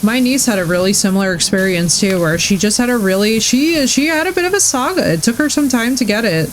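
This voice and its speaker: A young woman streaming live, gushing and effusive as she chats with her viewers. Her talk is casual and excitable. Faint noise sits under her voice. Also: a little high, a little fast, rough recording.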